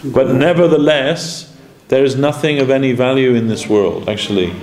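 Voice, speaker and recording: A man's voice: mid-range voice, normal speed, a little mellow. A man giving an informal devotional class, telling anecdotes and acting out the quoted dialogue in them. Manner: storytelling, acts out quoted dialogue, chuckles. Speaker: spiritual teacher giving a class. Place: temple lecture room. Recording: echoey room, faint background noise.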